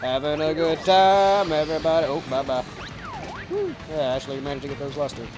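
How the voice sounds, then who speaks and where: A man's voice: fairly high pitch, very animated, fairly quick. Rambling young man narrating gameplay. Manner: rambling, self-deprecating, stumbles over words. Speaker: let's play host. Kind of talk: casual gameplay commentary. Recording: game music behind.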